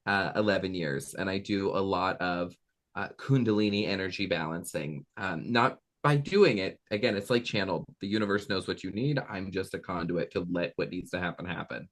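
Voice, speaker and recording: This thirty-something man has a low voice and a normal speaking speed. As a medium guesting on an interview, he chats casually and animatedly, acting out voices in his anecdotes.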